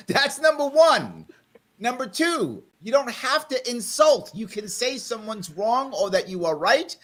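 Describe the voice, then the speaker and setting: A man hosting a live panel talk show by video call, calmly but firmly trying to settle a heated guest. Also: extremely high pitch, unhurried. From South Bronx, New York. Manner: firm, tries to calm a heated guest. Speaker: host.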